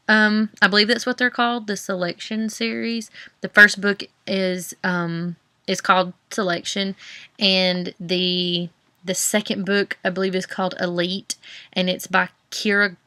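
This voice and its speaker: Here a bright, forceful medium-pitched voice belongs to a young Southern US book vlogger talking loosely about books. She wanders, restarting sentences and leaning on fillers, and the recording is clean and dry with no room sound.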